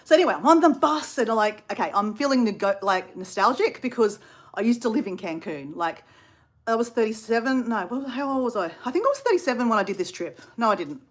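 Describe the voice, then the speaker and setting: A chatty Australian woman in her fifties tells a travel tale to her viewers. Her voice sits a little high and swings widely up and down. She keeps breaking off to talk straight to the audience. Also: fast. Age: 50s. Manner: chatty, animated, asides to viewers. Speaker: storyteller. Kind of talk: casual travel storytelling.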